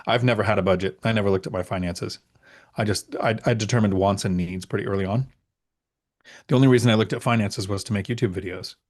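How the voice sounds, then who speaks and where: A middle-aged man with a lowish voice hosts a relaxed live Q&A. He reads viewer questions aloud, then answers plainly and leans on repeated words for emphasis. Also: fast talker. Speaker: host. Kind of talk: casual live Q&A chat.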